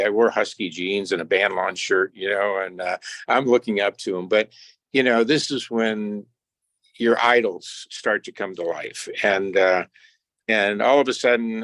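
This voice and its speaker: A man's voice: lowish voice, creaky, dry recording. An older man as a radio show guest, telling a childhood story and acting out the voices of the people in it. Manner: animated storyteller who acts out voices. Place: remote, away from the host.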